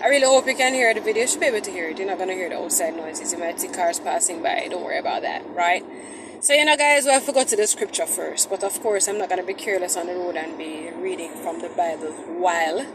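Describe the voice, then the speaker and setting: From her car in traffic, a woman hosts a Christian vlog, chatting casually and somewhat preachily to viewers she calls "guys." Her voice is fairly low, expressive and brisk.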